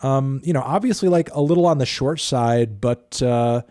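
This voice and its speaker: A man's voice: mid-range voice, moderate pace, warm tone. Profane, rambling man reviewing music. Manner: sarcastic, profane, rambling with fillers. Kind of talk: casual livestream commentary.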